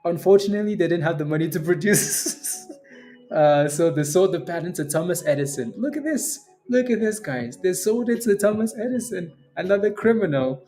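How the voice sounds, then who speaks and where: A man with a fairly high voice, hosting a stock trading livestream in a loose, joking way and laughing a lot. Faint music plays underneath him. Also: moderate pace. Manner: joking, animated, laughs often. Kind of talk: casual livestream chat.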